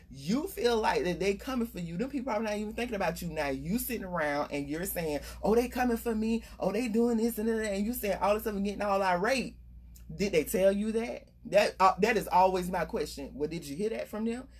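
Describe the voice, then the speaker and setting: A woman's voice: medium pitch, lively intonation, moderate pace, husky. A middle-aged woman coach giving casual, emphatic motivational talk about staying unbothered. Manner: earnest, conversational, emphatic. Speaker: life coach.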